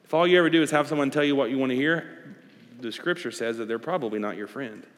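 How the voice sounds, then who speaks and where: A man's voice: medium pitch, fast. A male pastor delivering a conversational sermon, pressing his points with repeated rhetorical questions. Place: large church hall. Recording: long church-hall reverb.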